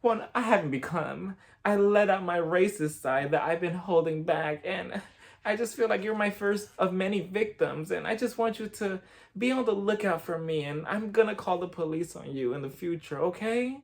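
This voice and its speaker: A man voicing a wealthy woman who wallows theatrically in her own feelings, talking softly and dramatically. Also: high voice, normal speed. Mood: melodramatic. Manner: theatrical, wallowing, soft and breathy. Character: melodramatic self-pitying wealthy woman.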